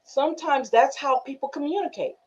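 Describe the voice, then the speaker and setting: A woman's voice: high voice, brisk. A woman hosting a casual group discussion, telling stories animatedly and laughing often. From northern United States. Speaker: class host. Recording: muffled lo-fi recording.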